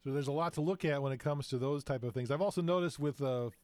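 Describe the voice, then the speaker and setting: A male TV host keeps things moving at a brisk clip, asking his guest loose, chatty questions. His voice sits a little high and sounds dry and close. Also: a little mellow, no echo. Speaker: TV show host. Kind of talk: TV interview, hosting.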